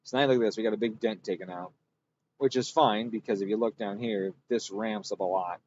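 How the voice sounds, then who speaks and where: A man's voice: lowish voice, brisk, darkish tone. Guy rambling thru a dyno tune on stream, kinda muffled audio, light noise. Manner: thinks aloud, rambling, self-correcting. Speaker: engine tuner streaming a dyno session. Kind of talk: casual technical livestream talk.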